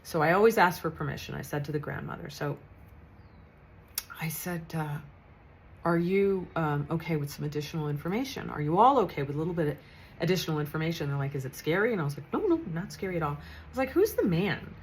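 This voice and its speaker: A woman's voice: sits low, lively intonation, fast talker, slight background noise, low-quality recording. A woman in her fifties, a psychic medium telling a story in a chatty, earnest way with frequent restarts. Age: 50s. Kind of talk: casual storytelling monologue.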